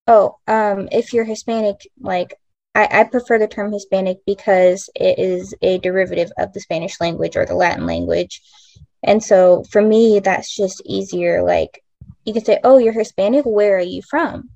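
A woman's voice: medium pitch, little pitch movement, normal speed, vocal fry, mellow, no room sound. A young woman taking part as a guest in a casual podcast discussion over a video call, speaking hesitantly with many fillers. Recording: dull lo-fi call audio.

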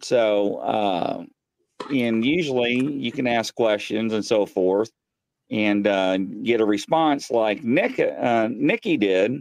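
A man hosting a live paranormal show from his home studio, telling ghost stories excitedly and acting out what people said. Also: lowish voice, slow, gravelly, no room sound. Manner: excitable storyteller, acts out quotes. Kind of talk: casual live-stream chat. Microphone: desk mic.

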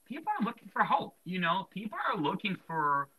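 A man's voice: high voice, sing-song, a little fast, bright, forceful tone, slightly rough, poor audio. A young man hosting a casual Christian podcast, talking earnestly and rambling with lots of fillers and restarts. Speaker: podcast host.

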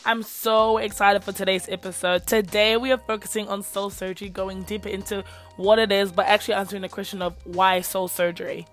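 A woman's voice: mid-range voice, little pitch movement, brisk, faint music behind. A young woman hosting a faith-based talk, speaking earnestly and firing off rhetorical questions in a casual teaching style. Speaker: podcast host.

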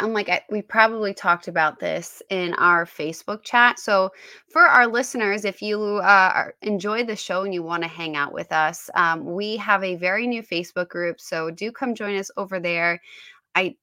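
A woman co-hosting a podcast in casual book chat, chatty and quick to laugh. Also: medium pitch, sharp tone, no echo, studio quality. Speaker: podcast co-host.

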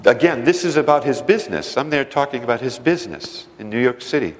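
A man preaching a sermon, telling personal stories earnestly, going from loud emphasis down to a hushed voice. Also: medium pitch, animated, fast, in a large hall. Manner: earnest storytelling, swings from loud emphasis to hushed near-whisper. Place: church service hall.

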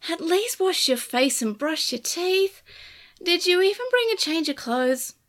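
A woman's voice: very high-pitched, very animated, a little slow, fairly bright tone, voice pushed up, heavily acted. A woman voicing a wry, blunt young woman researcher in a storybook reading, griping and teasing. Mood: cool.

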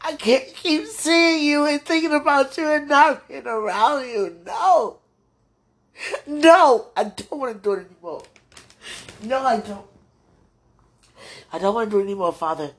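High-voiced woman praying through tears. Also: a little slow, pauses often. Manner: pleading, talking to God aloud. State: tearful, voice breaking. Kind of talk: emotional spoken prayer.

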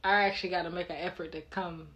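A woman's voice: on the low side, steady tone, quick pace, a bit bright, highs cut off. A woman co-hosting a podcast, talking frankly and animatedly, often laughing. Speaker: podcast co-host. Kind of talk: casual chat.

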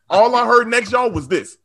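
Male storyteller, 30s; high, bright voice, animated and laughing. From South Side of Chicago. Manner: animated, laughing often, slangy asides to the audience. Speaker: storyteller on a comedy show. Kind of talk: comic storytelling.

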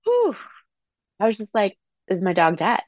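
A woman's voice: mid-range voice, a little fast, no echo. A young Canadian woman hosting a podcast, telling a personal story with raw emotion, swearing freely and saying "like" often. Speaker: podcast host. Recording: dull, dry close-mic sound.

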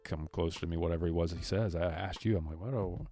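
A podcast co-host talks fast in a low, mellow voice, faint music in the background. He rambles through a casual movie recap, acting out lines and often starting over.

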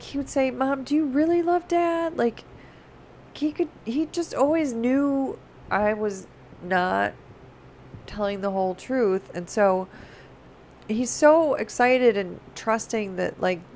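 A middle-aged woman talking casually in a rambling, animated way, often laughing. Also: a little high, slight background noise. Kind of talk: casual personal chat.

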